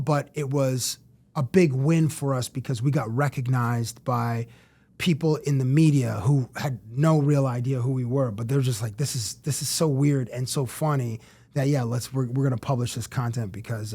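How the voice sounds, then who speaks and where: A middle-aged man from Canada, a sports TV personality, telling lively stories as a guest in a casual interview and acting out what people said. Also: medium pitch, moderate pace, husky. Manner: animated storyteller who acts out quotes.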